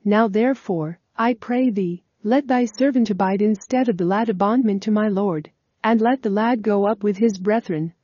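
A humble man pleads before a powerful ruler, his words in archaic scriptural phrasing, read by a woman. The tone is mellow and the sound dry and close. The recording is a little dull and lo-fi. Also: mid-range voice, normal speed, no echo, natural voice. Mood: pleading.

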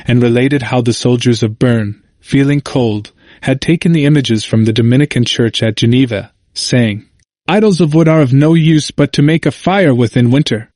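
A man reading a church history aloud in a measured audiobook narration, lifting his voice for quoted shouts. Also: no echo. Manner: measured, raising pitch for quoted cries.

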